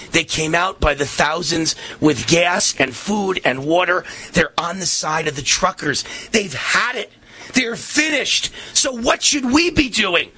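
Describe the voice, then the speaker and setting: A middle-aged man hosting a radio talk show, delivering a fiery, impassioned monologue that rises to shouts, his voice strained from shouting. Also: sits high, slightly rough.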